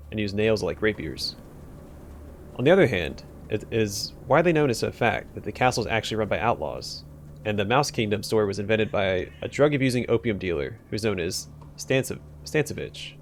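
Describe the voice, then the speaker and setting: A man's voice: on the low side, lively intonation, fairly quick, slight background noise. A man voicing a jumpy clerk who blurts out slogans. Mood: twitchy. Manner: bursts out with shouted word lists, then apologizes.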